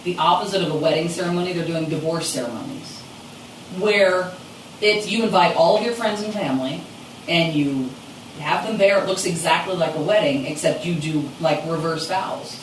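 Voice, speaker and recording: A woman's voice: fairly low pitch, moderate pace. A woman co-hosting a podcast, chatting in a sarcastic, wisecracking way, recorded in an echoey room from a distance. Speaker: podcast co-host. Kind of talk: casual chat. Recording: echoey room, distant mic, faint hiss.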